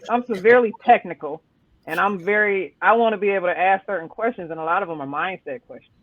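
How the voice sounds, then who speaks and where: A man's voice: high-pitched, quick pace, a bit bright, dry recording. A man chiming in eagerly on a casual podcast discussion, often repeating his words as he starts. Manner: eager, jumps in, repeats himself. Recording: dry, tinny phone-like line.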